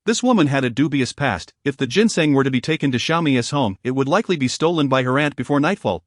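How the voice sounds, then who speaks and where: Measured male storybook narrator, dry sound. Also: medium pitch, lively intonation, no room sound.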